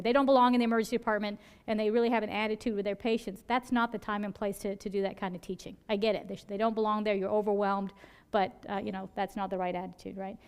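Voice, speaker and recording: Fast-talking woman physician lecturing. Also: mid-range voice, smooth. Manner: conversational, peppers points with "right?"; animated storytelling with quoted dialogue. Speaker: emergency physician lecturing to doctors. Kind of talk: conference lecture.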